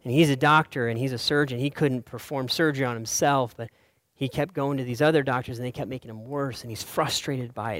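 A man's voice: medium pitch, fairly even intonation, quick pace, dry recording. Dry-sounding man preaching a sermon. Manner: storytelling, swings from soft to loud. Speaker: pastor.

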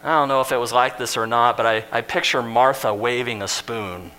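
A man's voice: mid-range voice, fairly quick, bright, forceful tone, clean tone, rough recording. A man preaching a sermon in a conversational, storytelling way, acting out the lines he quotes.

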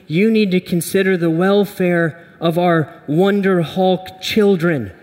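A man voicing a caring superhero wife, gentle and reasonable in a motherly way. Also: sits high, slow pace, big-room sound, pitched above the performer's own voice. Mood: reasoning.

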